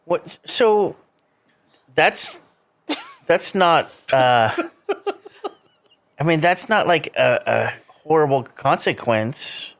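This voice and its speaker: Woman with a really deep voice, swoops up and down a lot, asks straight questions, challenges stuff. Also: lively intonation, drawn-out words, creaky, long pauses. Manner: direct, questioning, pushes back. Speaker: podcast co-host. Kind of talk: casual recovery-group conversation.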